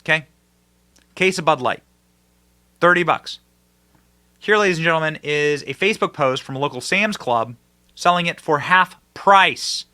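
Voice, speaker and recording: A male host giving online political commentary, emphatic and mocking, with big swings in pitch and loudness. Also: moderate pace, pauses often.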